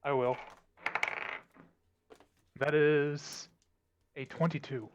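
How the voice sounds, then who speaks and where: A man's voice: fairly high pitch, level tone, extremely slow, lo-fi sound, noisy background. Easygoing man playing a tabletop game. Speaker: player.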